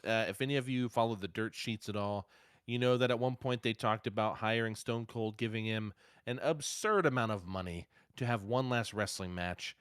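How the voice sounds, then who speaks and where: A man co-hosting a casual wrestling podcast, excitable and profane, his voice swinging between loud bursts and quiet asides. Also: medium pitch, smooth, no room sound, clean studio sound. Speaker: podcast co-host.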